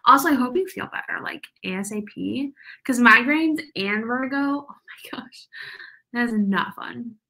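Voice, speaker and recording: Bubbly bright-voiced woman chatting. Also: fairly high pitch, normal speed. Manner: bubbly, chatty, lots of "like" and laughs. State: a little out of breath. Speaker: livestream host of writing sprints. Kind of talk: casual chat reading live comments.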